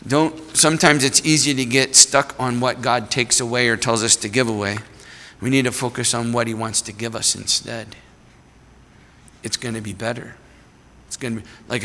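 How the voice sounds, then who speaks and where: A man's voice: medium pitch, pushed and bright. A man preaching a sermon in a conversational way, acting out small voices in his stories. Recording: long hall reverb.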